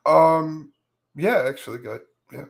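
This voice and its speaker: A man with a gravelly, creaky voice chats casually as the show's producer. His replies come in a relaxed, laid-back way. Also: on the high side, unhurried. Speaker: show producer. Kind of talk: casual chat.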